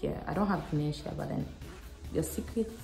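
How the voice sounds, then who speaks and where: A young woman chats frankly through a casual Q&A vlog, teasing herself as she goes. Her voice sits low and mellow. It rings in an echoey room with faint music underneath. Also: fairly quick, gravelly. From Ghana. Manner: frank, animated, self-mocking. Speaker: vlogger.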